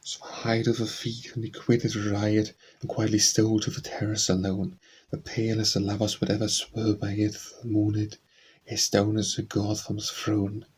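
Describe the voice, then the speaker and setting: A man reading poems aloud for an audiobook in a measured, even recitation. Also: on the low side, slight background noise. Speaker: audiobook reader. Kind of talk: poetry reading.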